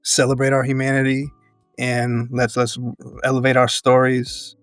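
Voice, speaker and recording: A man's voice: medium pitch, completely flat delivery, clean tone, no echo, studio quality, faint music behind. Earnest man talking, laughing often. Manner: earnest, speaks in measured phrases and laughs often. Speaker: podcast guest, educator and activist. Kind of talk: reflective interview conversation.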